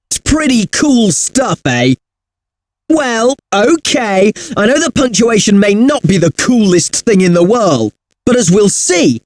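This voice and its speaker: A friendly punctuation tutor, bouncy up-and-down voice, dry close sound. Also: male voice, sits high, dry recording. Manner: upbeat, chatty, addressing the user directly. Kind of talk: scripted educational software presenting.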